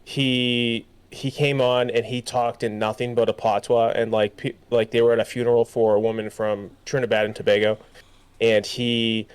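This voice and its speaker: A man's voice: mid-range voice, little pitch movement, moderate pace, smooth. A young man co-hosting a podcast, talking in a loose, rambling way with many fillers and restarts. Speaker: podcast co-host. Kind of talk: casual chat.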